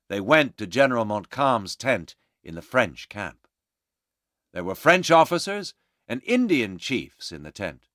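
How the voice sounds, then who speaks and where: Male narrator, slow and lively, dry close sound, reads a story for English learners. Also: lowish voice, dry recording. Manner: slow, clear, expressive reading.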